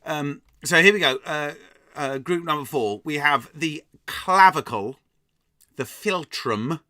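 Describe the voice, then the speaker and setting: An English man hosts a live-stream quiz, reading the items aloud, laughing often, and joking with his chat. His voice is a little high and sharp, his pace slow, and the sound is clean studio audio with no room echo.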